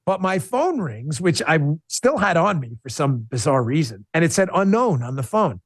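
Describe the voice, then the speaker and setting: High-voiced man telling an emotional story. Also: normal speed, husky, no echo, clean studio sound. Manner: emotional, animated storytelling with restarts; blunt and combative. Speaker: guest. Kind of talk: podcast interview.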